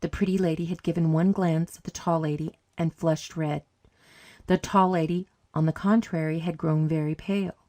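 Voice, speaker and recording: Calm female storybook narrator, low-pitched and mellow. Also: normal speed, no room sound. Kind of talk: scripted narration.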